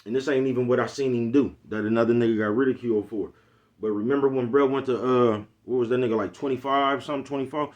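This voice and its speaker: A vlogger from East Oakland, California, rants bluntly in a casual monologue, his Bay Area Black American English laced with profanity and street talk. He keeps checking in with listeners, repeating "you know what I'm talking about." His mid-range, somewhat dark voice stays steady at a fast clip, and the sound is lo-fi.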